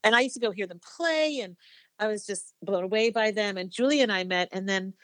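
A woman cellist who is a guest on an interview podcast, telling stories in a lively, casual way and swearing freely. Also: medium pitch, a little fast, dry recording.

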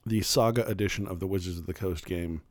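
A man with a low, grounded voice talks loosely about running his tabletop game. He circles and corrects himself as he goes, then picks up energy when he tells a story. The recording is dry and close, with no room sound. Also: fast, no echo. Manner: rambling, self-correcting, animated when telling stories. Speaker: game master. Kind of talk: casual chat.

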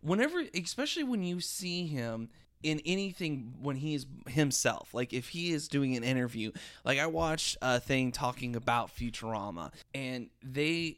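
Male co-host, mid pitch, smooth clear tone, dry close sound; loose, rambling casual talk. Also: fairly bright tone, no room sound. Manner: rambling, many fillers and restarts. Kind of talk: casual review chat.

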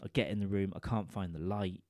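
Low-voiced man telling crude stories. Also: fairly even intonation, brisk, darkish tone, no echo, clean studio sound. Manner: rambling, vulgar, checks in with listeners. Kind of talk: crude comic anecdote. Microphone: studio microphone.

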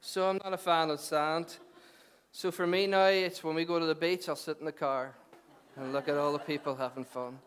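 Conversational pastor, joking then earnest. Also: male voice, a little high, fairly even intonation, moderate pace, a bit bright, clear, resonant tone. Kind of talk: sermon.

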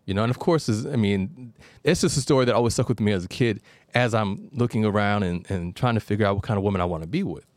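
A man's voice: fairly low pitch, fast, dry recording. A man hosting an advice show, talking casually and telling stories with digressions. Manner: conversational storyteller, digressive. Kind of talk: casual call-in advice talk.

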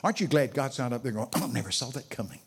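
A man's voice: medium pitch, lively intonation, fast, breathy edge. An older man preaching a sermon as a guest speaker, telling stories and chatting with people in the audience. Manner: storytelling, chats with audience members.

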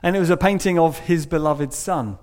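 A man delivering a church sermon, his voice sitting a little high for a man. He tells a story, sometimes dropping to a hush and sometimes pressing a point with emphasis. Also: brisk. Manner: storytelling, shifting between hushed and emphatic. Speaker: preacher.

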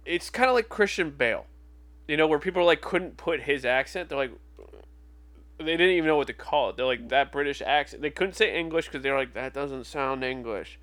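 A man chatting casually about films and accents, relaxed and easygoing. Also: fairly high pitch, a little fast.

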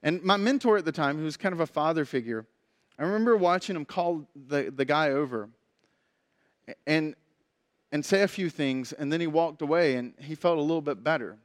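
A man's voice: a little high, normal speed. A middle-aged male pastor preaching a sermon, telling stories and acting out the quoted voices. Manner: storytelling, acts out quoted voices.

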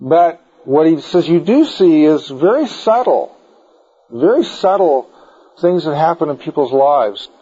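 Man, informal Bible lecture, conversational and digressive, warm dark tone, muffled old recording. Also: fairly high pitch, expressive, unhurried, breathy edge. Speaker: Bible teacher.

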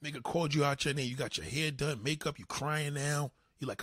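A man hosting a livestream, ranting in a profane, animated way. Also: fairly high pitch, a little fast, few pauses, breathy edge, no echo, clean studio sound. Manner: profane, animated, swinging delivery. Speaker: livestream host. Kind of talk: ranting comedic commentary.

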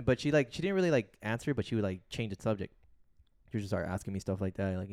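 A man's voice: on the low side, fast, a little mellow, no room sound, studio quality. A young man co-hosting a podcast, telling a long story in a loose, rambling way full of fillers and swearing. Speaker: podcast co-host. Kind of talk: casual chat.

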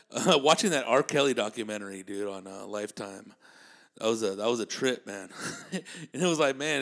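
A man's voice: medium pitch, fairly bright tone. A man delivering a profane comedic rant, mocking people and laughing at his own jokes.

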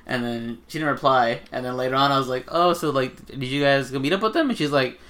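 A young man hosting a casual podcast, telling a story in an animated way, mimicking others in high voices and swearing freely. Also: quick pace. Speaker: podcast host.

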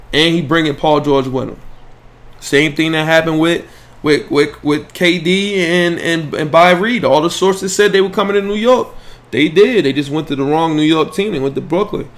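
A man's voice: on the high side, normal speed. A man hosting a casual sports podcast livestream, talking trash in a loose, profane way and addressing viewers directly. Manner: animated, profane trash talk; banters with viewers and chats directly to them. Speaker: podcast host.

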